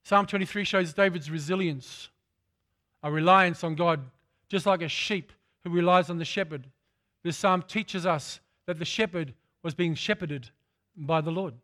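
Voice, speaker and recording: A man's voice: a little high, moderate pace, sharp tone, no room sound, studio quality. A man preaching a sermon, repeating phrases for emphasis and calling out to his congregation.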